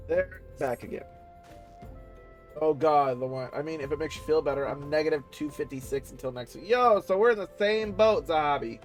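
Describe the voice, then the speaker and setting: Young dude gaming and chatting loose, slangy, kinda high voice, quiet music under it. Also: male voice, moderate pace. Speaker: streamer. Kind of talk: casual gaming chat.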